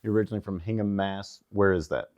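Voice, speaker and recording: Deep-voiced man hosting a dry-sounding interview. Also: fast, no echo. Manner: relaxed, joking questions. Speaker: interview host. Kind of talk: casual sports interview.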